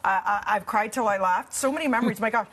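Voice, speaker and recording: A woman hosting a morning TV show, chatting warmly, laughing often and getting emotional. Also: medium pitch, quick pace. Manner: warm, laughing, chatty, gets tearful. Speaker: morning TV host. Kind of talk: emotional on-air chat. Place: TV studio.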